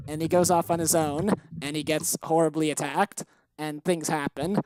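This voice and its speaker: A woman's voice: fairly low pitch, a little fast, darkish tone, dry recording, low-quality recording. Exasperated woman ranting on a podcast. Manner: heated, profane ranting with exasperated outbursts. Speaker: podcast co-host. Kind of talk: casual chat.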